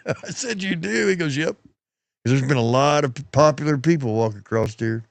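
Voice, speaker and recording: A man's voice: mid-range voice, moderate pace, vocal fry, no room sound. A plain-spoken, folksy middle-aged man tells stories on his podcast, now and then slipping into other people's lines. His voice sits in an ordinary middle range. The sound is close and dry, with no room around it. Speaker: podcast host. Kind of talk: casual storytelling chat.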